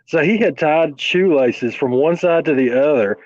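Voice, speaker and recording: A man's voice: on the high side, normal speed, no echo, highs cut off. A man with a Southern accent, a guest in casual chat, telling easygoing stories with a chuckle.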